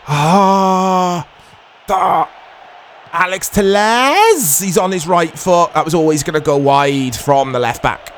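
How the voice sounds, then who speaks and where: A man's voice: high voice, slow, slight background noise. Chatty man commentating his football game. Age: 30s. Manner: chatty, easily excitable, self-deprecating. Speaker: gaming YouTuber. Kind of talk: casual gameplay commentary.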